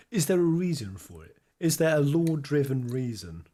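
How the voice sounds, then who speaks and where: A man's voice: on the high side, animated, normal speed. A man streaming a game, reacting with chatty asides and frequent laughter. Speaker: let's play streamer. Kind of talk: reaction commentary.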